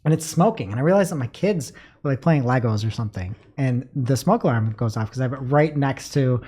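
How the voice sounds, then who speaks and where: A man co-hosts a podcast and tells a long personal story in a casual, animated way. He rambles and fills gaps with "like" as he goes. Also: mid-range voice, fairly quick, breathy edge. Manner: animated, rambling, many fillers. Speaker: podcast co-host.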